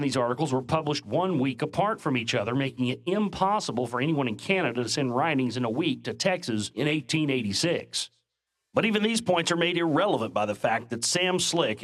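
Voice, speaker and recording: A man giving scripted documentary narration, reading old newspaper accounts in a measured, dramatic way. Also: mid-range voice, a bit bright.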